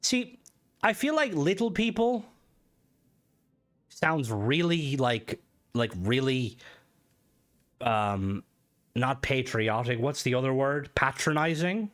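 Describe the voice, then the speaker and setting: A male game streamer talks loosely to his chat at a middling pitch, stumbling through fillers and restarts. He swears freely, and his voice jumps up sharply when something riles him. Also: lively intonation, takes it slowly, long pauses, a bit bright. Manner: rambling and profane, many fillers, jumps up in pitch when worked up. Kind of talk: casual live-stream chat.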